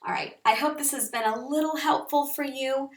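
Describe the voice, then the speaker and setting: A woman teacher slowly and clearly explaining English grammar to learners. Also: sits high. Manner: slow, clear, deliberate teaching delivery. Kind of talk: instructional lesson. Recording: echoey room, voice off-mic.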